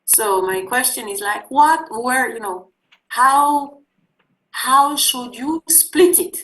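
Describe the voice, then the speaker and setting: A woman teaching a class on sales, talking loosely and often pausing with fillers as she explains. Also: high voice, fairly bright tone, rough recording. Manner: conversational, searching for words with many fillers. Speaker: instructor. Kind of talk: online class lecture.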